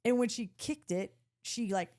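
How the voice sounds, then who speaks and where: A woman's voice: a little high, moderate pace. A woman podcast host telling a story in casual chat, acting out what people said, swearing and laughing often. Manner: animated, acts out quotes, swears, laughs often.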